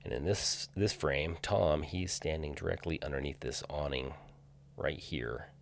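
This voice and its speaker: A man's voice: a bass voice, unhurried, creaky. A man casually walking through filming locations on screen, hesitant with many fillers and restarts. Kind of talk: casual screen-share walkthrough.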